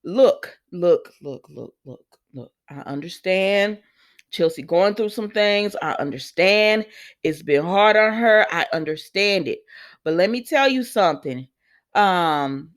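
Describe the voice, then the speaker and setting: A woman's voice: mid-range voice, slow pace. A woman casually recapping a soap opera episode, acting out the characters' lines as she goes. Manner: animated, acts out characters' lines. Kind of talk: casual recap with acted quotes.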